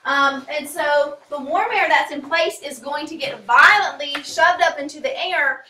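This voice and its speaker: Woman teacher, bright high voice, rambling with fillers, classroom echo from a distance. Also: a little slow, a little hiss or hum. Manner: casual, rambling, many fillers. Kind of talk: classroom lecture.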